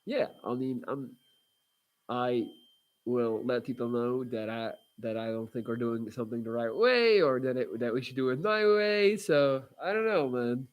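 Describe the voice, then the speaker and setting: Casual male streamer, middle pitch, rambling and blunt, lots of fillers. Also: expressive, unhurried. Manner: rambling, frequent fillers and restarts, blunt and cursing. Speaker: livestream host reading viewer comments. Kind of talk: casual livestream chat.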